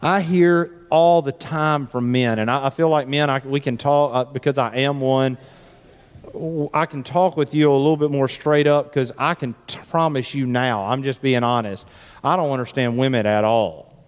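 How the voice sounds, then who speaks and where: A man's voice: mid-range voice, steady tone, normal speed, clean tone. A man preaching a sermon as a pastor, in a conversational, joking way, often repeating words as he restarts, in a church. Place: church sanctuary. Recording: echoey church hall.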